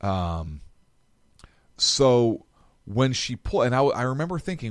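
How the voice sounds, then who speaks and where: Male co-host, deep, animated, opinionated and crude, close dry mic. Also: moderate pace, dry recording. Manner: blunt, profane, opinionated. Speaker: podcast co-host. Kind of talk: casual political talk.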